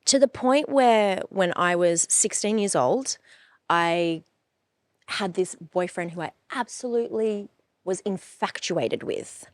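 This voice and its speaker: A woman's voice: mid-range voice, takes it slowly, dry recording. A woman in her forties, telling her own story in a frank, emphatic way that is full of swearing. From Australia. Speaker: coach and podcast host. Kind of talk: personal storytelling.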